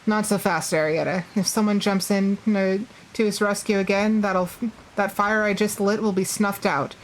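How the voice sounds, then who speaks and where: A woman's voice: medium pitch, steady tone, moderate pace, a little hiss or hum, close to an everyday voice, rough recording. A woman reading a game companion's lines aloud, in an earnest, practical way with small hesitations. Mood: urgent. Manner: reads the game dialogue aloud with slight hesitations.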